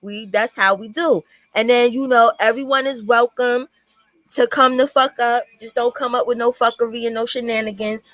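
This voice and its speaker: Brief: blunt, cussing livestream host, woman, a bit high, dry close mic. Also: steady tone, moderate pace, a bit bright, dry recording, low-quality recording. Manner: blunt, profane, greets chat by name. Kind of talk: casual livestream commentary.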